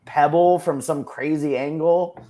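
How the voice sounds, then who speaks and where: A man's voice: fairly high pitch, steady tone, a little slow, dark tone. A man co-hosting a podcast, casually telling a story with plenty of swearing. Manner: profane, storytelling, laid-back. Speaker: podcast co-host. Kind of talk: casual chat.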